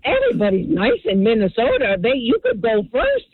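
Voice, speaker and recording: A woman tells a story over a tinny phone line. Her voice is high and swings widely as she talks. She is an animated, chatty caller. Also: brisk, husky, no echo. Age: 70s.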